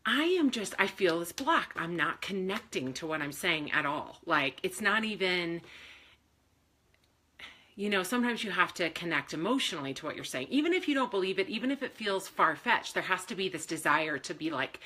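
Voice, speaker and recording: A woman's voice: on the low side, lively intonation, normal speed, bright, forceful tone. A woman speaking to viewers on a live stream about faith and self-worth, candid and emotional, swearing freely and often laughing. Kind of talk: casual live-stream talk.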